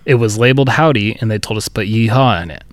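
Speaking quickly in a lowish voice with no room sound, this man co-hosts a podcast. He chuckles and swears his way through a relaxed story about work, in a casual storytelling chat.

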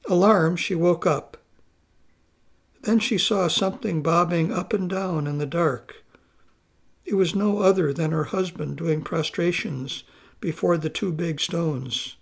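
A man narrating a folk story in a slow, measured way. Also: on the high side, creaky.

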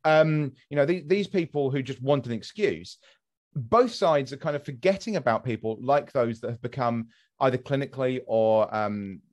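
Male podcast host, middle pitch, animated and rambling, lots of fillers. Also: moderate pace. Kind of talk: casual podcast chat.

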